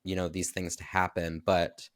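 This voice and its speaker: Very deep-voiced man, relaxed podcast co-host. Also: no echo, clean studio sound. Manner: relaxed, measured, short agreeing replies. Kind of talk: casual movie recap chat.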